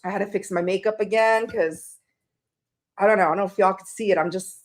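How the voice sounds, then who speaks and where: Speaking a little fast in a steady, medium-pitched tone, a woman hosts a tarot stream from her room at home. She greets viewers by name and chats casually, though she's tearful and emotional.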